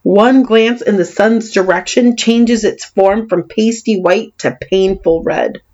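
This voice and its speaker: A woman's voice: slow pace, darkish tone, highs cut off. A woman with a Californian accent and a slight lisp, an author giving a dramatic, self-mocking reading of her own memoir. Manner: dramatic, self-mocking, wide swings in pitch and volume. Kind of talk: expressive reading of memoir prose.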